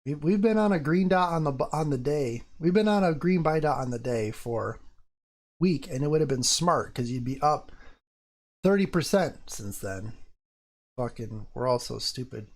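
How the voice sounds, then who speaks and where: A man hosting a casual livestream, talking straight to his viewers. He is loose and excitable, swears freely, and keeps a running, off-the-cuff commentary. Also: a little high, normal speed. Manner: profane, excitable, talks to chat. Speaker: livestream host. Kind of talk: casual live-stream commentary on crypto charts.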